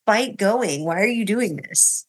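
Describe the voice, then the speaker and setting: A woman's voice: a little slow, slightly rough. A woman co-hosting a podcast, chatting casually about reality TV and acting out what people said. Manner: animated, acts out quotes with high pitch jumps. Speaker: podcast co-host.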